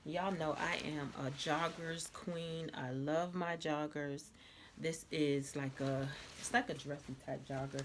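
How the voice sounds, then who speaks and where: A woman vlogger with a stuffy nose, chatting casually through a clothing haul, repeating herself and filling pauses with "um". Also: low voice, fairly bright tone, slight background noise. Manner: chatty, repetitive, many fillers. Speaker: fashion vlogger.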